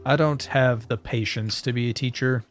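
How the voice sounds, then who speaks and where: A man's voice: mid-range voice, steady tone, normal speed, faint music behind. A man streaming a game, chatting casually and joking with his viewers in a rambling way. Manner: rambling and joking, talking to chat.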